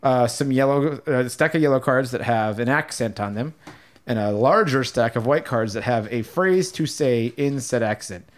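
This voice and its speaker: A man's voice: medium pitch, animated, normal speed. A young man hosting a casual chat, rambling and self-deprecating, laughing often.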